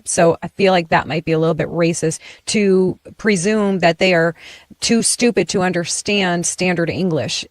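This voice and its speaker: A woman hosting a political commentary chat show, talking in an animated way and often stopping to restart her sentences. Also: lowish voice, no echo. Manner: animated, self-interrupting, frequent restarts. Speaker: host.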